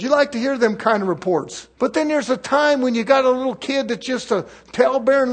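Male preacher, high and husky, emphatic sermon delivery, loud-soft swings, rhetorical questions. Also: brisk, hardly any pauses.

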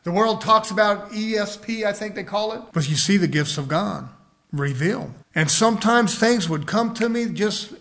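A middle-aged man preaching a sermon, telling a personal story and rising to emphatic outbursts. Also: sits high.

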